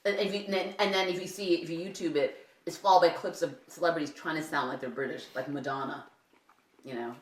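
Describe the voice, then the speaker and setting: A woman and mother talking at a home breakfast table, animated and rambling with many restarts. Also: deep voice, quick pace, far from the mic. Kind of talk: casual breakfast table chat. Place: home kitchen at a holiday breakfast. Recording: echoey room, a bit off mic, light noise.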